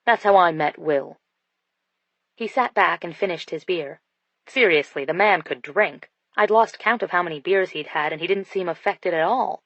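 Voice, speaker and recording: A woman's voice: lowish voice, expressive, moderate pace, a bit bright, no echo. A woman narrating a first-person romance audiobook in an intimate storytelling manner. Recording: dull dry studio sound.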